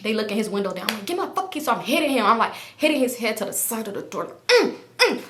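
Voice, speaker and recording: A young woman in her twenties telling a personal story to her viewers, animated and full of profanity. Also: mid-range voice, racing, reverberant, a little hiss or hum. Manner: animated, profane, laughing often. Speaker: storytime vlogger. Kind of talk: casual storytelling.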